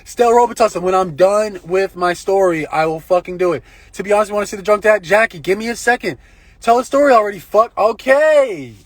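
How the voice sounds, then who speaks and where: A man telling a long story on a phone livestream, in a profane, rambling and excitable way. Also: high voice, brisk, dry recording. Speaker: live-streamer. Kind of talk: casual live-stream storytelling.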